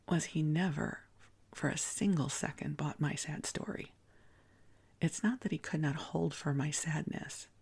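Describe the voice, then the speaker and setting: Soft, raspy older woman storyteller. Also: sits low. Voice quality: soft breathy near-whisper. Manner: gentle and confiding, with small restarts. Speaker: podcast host. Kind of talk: soothing personal storytelling.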